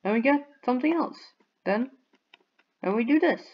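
A young woman giving bubbly, excitable commentary on a video game and cheering at her finds. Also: high-pitched, moderate pace, breathy edge, muffled recording. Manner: bubbly, excitable, squeals and shouts in surprise. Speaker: gaming YouTuber.

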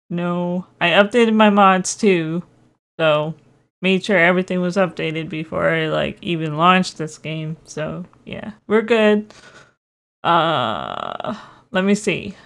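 A young woman hosting a relaxed game commentary, giggly and quick to get excited. Her voice sits fairly low for a woman. She talks at an unhurried pace, thinking aloud as she plays. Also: gravelly. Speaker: gaming channel host.

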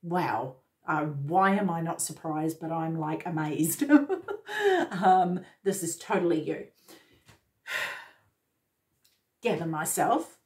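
A woman's voice: deep voice, slow pace, pauses often. A woman giving a casual, effusive tarot reading, talking straight to the viewer. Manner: enthusiastic, effusive, addresses viewer directly. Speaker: tarot reader.

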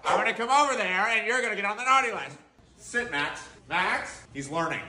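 A man's voice: high-pitched, animated, fairly quick, roomy sound, heavy background noise. A man joking playfully in a comedy video, teasing and calling out. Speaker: comedy creator. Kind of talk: joking vlog commentary.

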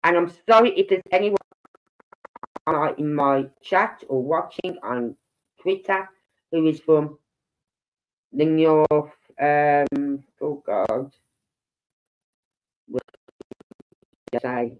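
A woman's voice: sits low, slow pace, long pauses. A woman with a Birmingham accent chats with her live audience in a loose, storytelling way. She slips into other people's voices as she retells what they said. The stream audio sounds dull and lo-fi. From Birmingham, England. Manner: chatty storyteller who acts out quoted voices. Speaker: livestream host. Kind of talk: casual chat to a live audience.

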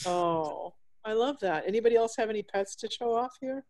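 A woman's voice: mid-range voice, normal speed, few pauses, a little mellow. Effusive woman gushing on a video call. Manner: effusive, gushing over pets. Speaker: guest author. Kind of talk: casual chat on a video call. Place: at home, alone.

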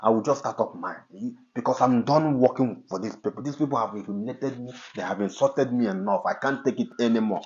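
A man's voice: medium pitch, a little fast, hardly any pauses, a little mellow, lightly acted. A man playing an agitated husband who keeps insisting he is fed up with his job, in a dull lo-fi recording. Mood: determined. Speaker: actor in a home skit.

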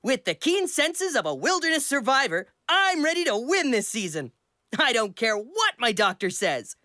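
A woman voicing an eager, quirky teen boy pitching himself as a contestant, flustered and quick to correct himself. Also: very animated, bright, forceful tone, dry recording, studio quality, full character voice.

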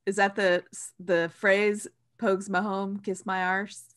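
A woman's voice: mid-range voice, flat delivery, a little slow, fairly bright tone. Blunt, swearing woman guest. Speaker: podcast guest. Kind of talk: casual chat.

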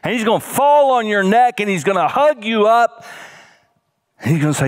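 A man's voice: animated, normal speed. Man preaching with swinging dynamics. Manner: dynamic preaching, swinging from emphatic highs to soft, hushed lows. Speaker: senior pastor. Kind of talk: sermon.

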